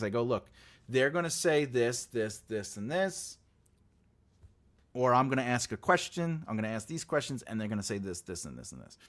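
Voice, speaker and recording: A man hosting a casual livestream, rambling and laughing as he chats and tells jokes. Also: mid-range voice. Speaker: livestream host.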